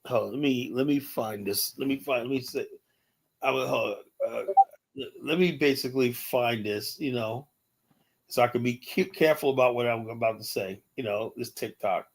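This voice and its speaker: A man's voice: medium pitch, normal speed, vocal fry, very noisy. Talkative New York man. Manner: animated, rambling, frequent "you know". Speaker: show host. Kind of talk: casual opinion chat.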